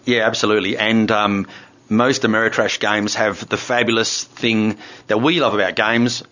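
A man's voice: lowish voice, fairly even intonation, moderate pace, pushed and bright. A man co-hosts a radio show and explains things with easygoing enthusiasm. He talks casually with loose fillers. The audio is dull and slightly lo-fi. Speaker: radio co-host.

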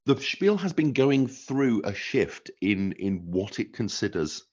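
A deep-voiced man with a husky, breathy edge talks with real swing in his pitch. His chatty, enthusiastic answers come through slightly dull, lo-fi remote audio. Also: big pitch swings, a little slow, darkish tone. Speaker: guest author. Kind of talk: podcast interview.

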